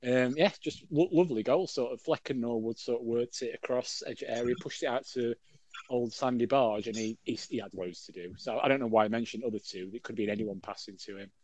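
A man's voice: medium pitch, a little fast, darkish tone. A middle-aged man co-hosting a casual podcast, rambling and joking with lots of fillers and self-corrections. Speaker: podcast co-host. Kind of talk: casual chat.

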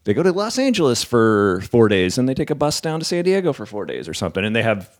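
A man, a comedian hosting a loose chat with other comics. His voice swings up and down as he riffs, and he throws in quick gags between his questions. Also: mid-range voice. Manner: lively, jokey interviewer asking follow-ups. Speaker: comedian and podcast host. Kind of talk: casual chat.

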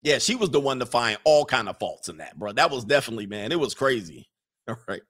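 Very animated and quick, this middle-aged man has a medium-pitched, slightly bright voice. A streamer and coach, he keeps things loose, laughing and telling slangy stories while going through viewer comments on a casual stream.

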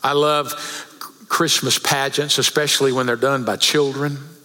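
A man preaching a sermon to a church congregation, telling stories and slowing down for scripture. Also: mid-range voice, fairly even intonation, pushed and bright, big-room sound, low-quality recording. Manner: storytelling, slows for scripture. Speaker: pastor. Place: church sanctuary.

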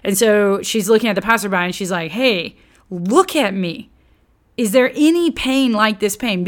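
A woman teaching on scripture in an animated, conversational way, acting out quotes and dropping casual slang. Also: mid-range voice. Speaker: Bible teacher.

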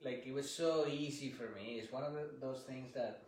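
A man appearing as a guest on a talk show, speaking softly and hesitantly with many fillers. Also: medium pitch, steady tone, moderate pace. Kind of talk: casual interview conversation. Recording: very echoey room, distant from the mic, faint noise.

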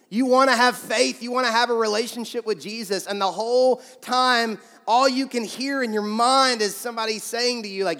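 A man's voice: very high-pitched, moderate pace, hardly any pauses, pushed and bright. A young man preaching a sermon in a conversational, storytelling way, acting out quotes. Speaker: pastor. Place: large church sanctuary. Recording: hall reverb from church sanctuary.

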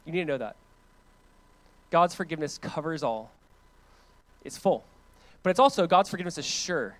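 A man, a pastor preaching a conversational, animated sermon that swings between loud emphasis and quiet, hushed lines. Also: a little high, moderate pace, no room sound.

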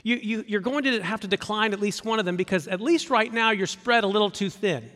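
A man preaching a sermon as pastor, conversational and animated. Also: sits high, brisk, long reverb tail. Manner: conversational, animated, acts out quoted voices.

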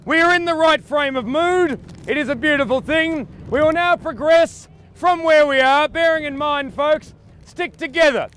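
A man with a strikingly high voice and an Australian accent works a crowd on a busy street outdoors. He plays a pompous, absurd tour guide, calling out to passers-by in grand, theatrical patter. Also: normal speed, fairly bright tone. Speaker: comedian leading a mock street tour. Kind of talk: improvised street comedy.

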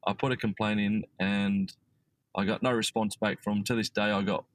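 A man's voice: lowish voice, fairly even intonation, normal speed, rough recording. A man with an Australian accent, a podcast guest telling a long story casually, rambling with many fillers and restarts.

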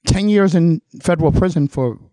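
A man's voice: on the high side, normal speed, warm tone, no room sound. A middle-aged man with a Long Island accent hosting a political commentary show, delivering a heated monologue with emphatic repetition and addressing his targets directly.

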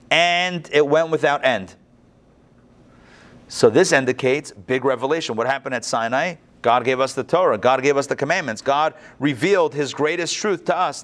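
Animated man teaching a text class. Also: fairly high pitch. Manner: conversational, animated, with restarts and asides. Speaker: Torah teacher.

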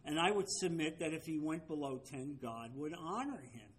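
A man's voice: on the high side, lively intonation, normal speed, slight background noise. A man teaching a Bible study, emphatic, often checking with his listeners through rhetorical questions.

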